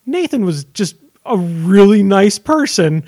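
A man co-hosting a casual chat show, rambling with halting restarts. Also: sits high, big pitch swings, darkish tone. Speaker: podcast co-host.

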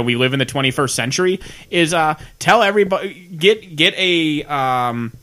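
A man's voice: fairly high pitch, sharp tone. A man co-hosting a podcast, chatting in casual group banter, jokey and rambling. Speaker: podcast co-host.

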